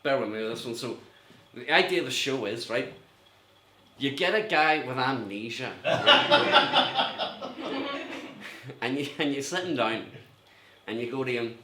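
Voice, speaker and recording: This middle-aged Northern Irish comedian does a wandering, self-mocking stand-up routine at home, chuckling at his own material. His medium-pitched voice is expressive and moves at normal speed. He's in a mirrored room that sounds echoey, with slight noise.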